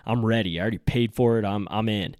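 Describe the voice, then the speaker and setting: A fishing guide hosting his podcast, telling a casual story and acting out his own excited and let-down reactions. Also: lowish voice, fast, no room sound, clean studio sound. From Colorado.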